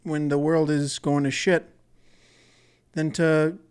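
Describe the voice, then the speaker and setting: A man's voice: a little high, level tone, takes it slowly, a little mellow, clean tone. A man hosting a solo comedy podcast, rambling and profane, often cutting himself off mid-thought. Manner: rambling, profane, self-interrupting. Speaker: podcast host.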